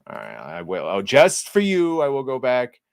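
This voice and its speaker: A man's voice: medium pitch, huge pitch swings, normal speed, creaky, clear, resonant tone, dry recording. Guy cohosting a podcast, swears a lot, rambles and snarks, dry close sound. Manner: profane, rambling, sarcastic. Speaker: podcast co-host. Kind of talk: casual chat.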